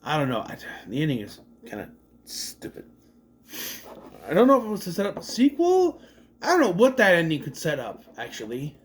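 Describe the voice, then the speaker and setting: A man's voice: fairly high pitch, normal speed, a little hiss or hum. A man casually recapping and reviewing a movie, swearing and mocking the scenes as he goes. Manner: animated, swears, mocks scenes in exaggerated voices.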